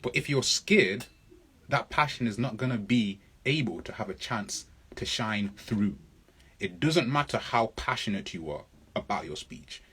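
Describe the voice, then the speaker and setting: A man leads a live public speaking lesson, working through viewer questions. His voice sits low and sounds husky, and he hits key words hard and repeats his points. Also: animated, measured pace, fairly bright tone. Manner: emphatic, answers viewer comments, repeats points.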